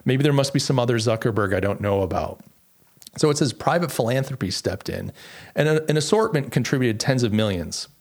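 A man's voice: mid-range voice, expressive, brisk, darkish tone. A man hosting a political talk show, reading quotes from an article aloud with sarcasm and plenty of restarts. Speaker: podcast host.

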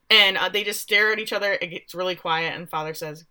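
A woman's voice: lowish voice, fairly even intonation, brisk, bright, forceful tone. A woman casually recapping a story on a podcast, acting out the characters' lines as she goes. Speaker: podcast co-host recapping a show. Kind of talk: casual chat.

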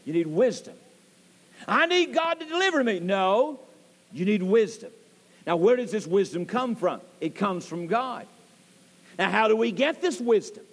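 A male pastor preaching a sermon in a church, emphatic and repetitive, swooping up on key words. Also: long reverb tail. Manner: emphatic, repeats key phrases, voice swoops high on stressed words. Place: church sanctuary.

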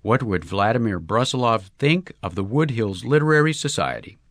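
A man narrating a humorous short story in a lively, character-driven reading. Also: on the low side, moderate pace, dry recording, studio quality.

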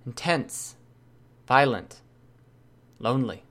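A man's voice: medium pitch, lively intonation, normal speed, a bit bright, natural voice. A man reading aloud, voicing a guarded, weary young woman who speaks in clipped, terse replies.

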